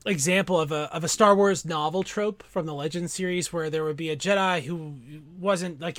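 High bright-voiced guy chatting on a podcast, dry close sound. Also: normal speed, hardly any pauses, dry recording. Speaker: podcast co-host. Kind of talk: casual chat.

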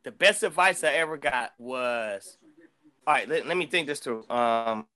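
A middle-aged man from the Bay Area, a guest rapper telling stories in a loose, profane, animated way with lots of restarts. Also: mid-range voice, measured pace. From San Francisco Bay Area. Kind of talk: casual storytelling chat.

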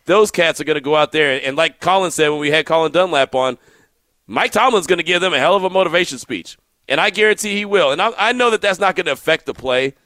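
A man hosting a sports radio show, telling stories in an animated way and acting out the quotes. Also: a little high, fast talker, no echo. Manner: animated storyteller, acts out quotes. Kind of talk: casual sports radio talk.

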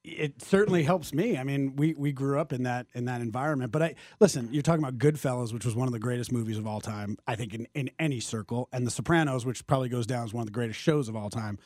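Male radio guest, from New Jersey, very fast talker, repeats words, dry studio sound. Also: medium pitch, a little mellow, no echo. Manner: quick, repeats words as he talks. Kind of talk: casual sports radio chat.

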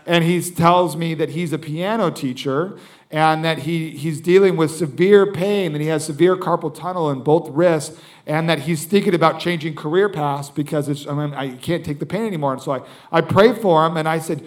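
A man preaching as a guest speaker, telling a story in an animated way and acting out what everyone said. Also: fairly high pitch, moderate pace. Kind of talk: sermon storytelling.

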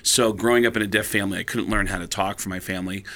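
A man who is a stand-up comedian, telling stories in an animated, casual way as a guest. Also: fairly low pitch. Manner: animated, quick shifts into voices. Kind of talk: casual storytelling chat.

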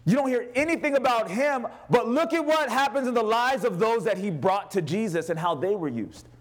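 A man preaching a sermon from the pulpit, his voice pitched high and light. He preaches with animated energy and slips into the voices of the people in his stories. A live congregation answers him now and then. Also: moderate pace. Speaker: pastor. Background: congregation responding.

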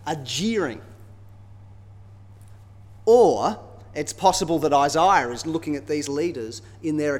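A man preaching a sermon in a conversational, expressive way, often checking in with tag questions. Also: on the high side. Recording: long reverb of a large hall.

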